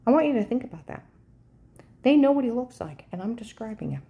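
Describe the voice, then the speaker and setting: A woman in an insistent, urgent monologue to the camera, often checking in with "okay?", her pitch jumping up sharply when agitated. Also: very animated, brisk, gravelly, mellow. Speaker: vlogger.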